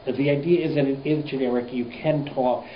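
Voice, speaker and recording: Rabbi giving a lively class, lots of "right?", kinda tinny echoey room sound. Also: male voice, medium pitch, moderate pace, a little hiss or hum. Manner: animated, rhetorical questions, asides to the class. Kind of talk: informal Torah lecture. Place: classroom with students.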